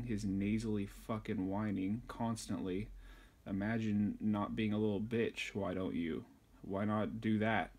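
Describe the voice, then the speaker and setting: Low, husky man in a crude rant. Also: mellow. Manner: crude, insulting, rambling. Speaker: comedic sewing tutorial host. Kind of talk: profane comedic tutorial rant.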